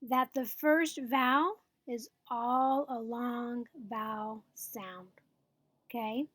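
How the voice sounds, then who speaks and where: A woman's voice: fairly high pitch, fairly even intonation, takes it slowly, fairly bright tone, no echo. A woman teaching a phonics lesson, explaining patiently step by step and checking in with her students.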